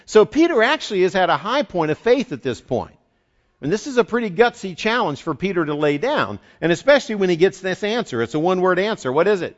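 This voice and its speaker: A man from the eastern United States preaching a sermon as pastor, telling the story in a conversational, animated way. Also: fairly high pitch, normal speed. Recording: dull lo-fi recording.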